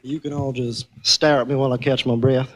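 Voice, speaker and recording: A man doing a deep, drawling, mumbling impression of a winded 1950s rock singer on a TV stage. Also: little pitch movement, a little fast, lightly acted. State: out of breath. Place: TV studio stage. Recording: old TV broadcast with a live band. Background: live band music.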